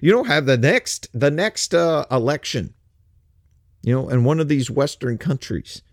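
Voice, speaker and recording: An older man hosting political commentary in a sarcastic, mocking tone. His pitch swings widely as he talks, and he often stumbles over repeated words. The recording is dry and close. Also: expressive, unhurried, no echo. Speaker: host.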